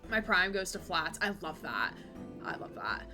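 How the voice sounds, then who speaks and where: Over music, a woman speaks in a fairly low, sing-song voice while livestreaming a game on Twitch with a voice partner. She's giggly and talkative, often laughing and making quick remarks to her chat as she chats casually with viewers.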